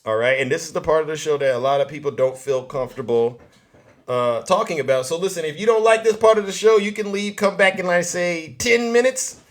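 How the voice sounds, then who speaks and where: A man hosting a political commentary livestream, loud and mocking, often repeating himself. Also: fairly high pitch, a little fast. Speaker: livestream host.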